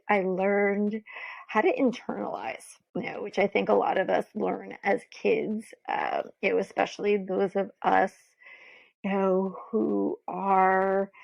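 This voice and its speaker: Woman guest, candid and emotional, gravelly voice, muffled lo-fi recording. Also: medium pitch. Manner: candid, emotional, many fillers. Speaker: podcast guest, author. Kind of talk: casual conversation. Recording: dull lo-fi sound.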